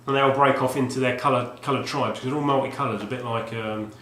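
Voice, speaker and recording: With fairly even intonation and a quick pace, a man in a mid-range, fairly bright voice chats casually on video about a game he bought. The retro game collector vlogger rambles, piling up fillers and restarting his sentences, while roomy echo and a faint hum fill the recording.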